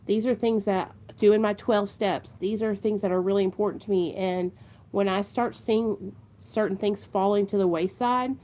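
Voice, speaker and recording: A woman's voice: mid-range voice, steady tone, moderate pace, warm tone. A young woman, chatting earnestly and emotionally to her vlog viewers, rambling and addressing them as "you guys.". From Ohio. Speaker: vlogger. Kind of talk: casual heartfelt chat to camera.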